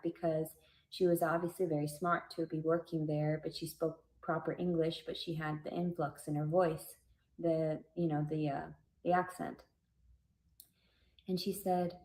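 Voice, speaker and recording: A woman with a low, mellow voice tells a personal story in a casual vlog. Her delivery stays fairly flat and level as she drifts between tangents. She talks earnestly and rambles, with many fillers and false starts. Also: low-quality recording. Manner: earnest and religious. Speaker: vlogger.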